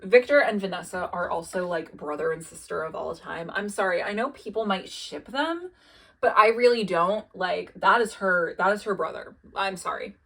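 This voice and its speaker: A woman's voice: medium pitch, lively intonation, normal speed, pushed and bright. A young woman doing a casual recap of a TV show, chatty and profane, with lots of "like" and "um". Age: young adult. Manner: casual and profane, lots of "like" and "um", quotes characters in an offhand way. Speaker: video essayist recapping a TV show.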